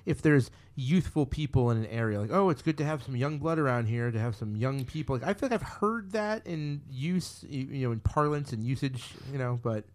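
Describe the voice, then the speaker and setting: A man's voice: medium pitch, fairly quick, hardly any pauses. A man co-hosting a podcast, chatting casually with lots of fillers. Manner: chatty, many fillers, lively intonation. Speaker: podcast co-host.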